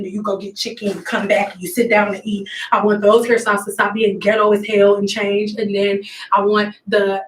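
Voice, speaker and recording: A woman's voice: mid-range voice, flat delivery, normal speed, distant mic. Woman, hairstylist, blunt candid vlog chat, echoey salon room. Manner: outspoken, blunt storytelling. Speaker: hairstylist vlogger.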